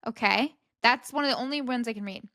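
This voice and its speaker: A woman's voice: on the high side, fast, pushed and bright, dry recording, studio quality. A young woman hosting a podcast, chatting casually and reacting with disbelief, often cutting herself off mid-sentence. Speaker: podcast host. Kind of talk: casual commentary.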